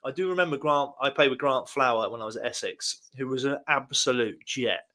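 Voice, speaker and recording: A chatty man on a podcast who laughs easily and reacts with enthusiasm. He speaks at a middle pitch in a relaxed, conversational way. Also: a little fast. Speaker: podcast co-host, former cricketer. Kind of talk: casual chat.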